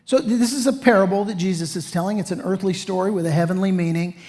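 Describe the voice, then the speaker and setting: A man's voice: high voice, fairly even intonation, fast talker, a little mellow. Casual preacher guy, chatty sermon, lots of "you know"s. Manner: folksy, conversational, full of "you know". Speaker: pastor.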